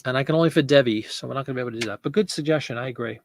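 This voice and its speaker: Hosting a relaxed live selling stream, this man talks at a rapid-fire clip in a medium-pitched voice, reading out viewer comments and laughing a lot as he rambles through his replies. There's slight background noise.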